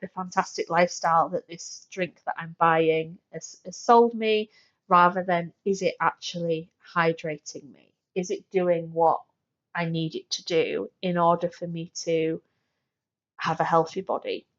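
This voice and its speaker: A woman's voice: fairly low pitch, fairly even intonation, a little slow, lo-fi sound. A woman hosting a solo wellness podcast, chatty and full of fillers and restarts. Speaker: podcast host.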